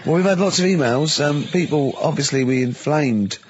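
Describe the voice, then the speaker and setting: A man's voice: a little high, moderate pace, dull audio, soft background music. A man, hosting a radio show with casual, jokey banter into a studio microphone. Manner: jokey, playful teasing.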